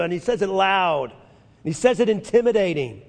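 A man preaching a sermon as pastor, emphatic, building to loud declarations and leading listeners to repeat after him. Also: sits high, lively intonation, moderate pace, gravelly. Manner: leads listeners in call-and-repeat confessions. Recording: long reverb of a large hall.

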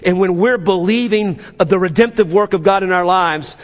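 A man with a New Orleans accent preaching a sermon as pastor, animated and acting out the scripture dialogue with stammered restarts. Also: high-pitched, moderate pace. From New Orleans area. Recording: long hall reverb.

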